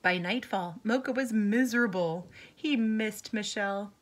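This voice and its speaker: Slow, patient woman teacher reading aloud. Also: mid-range voice. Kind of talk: reading a picture book aloud to children.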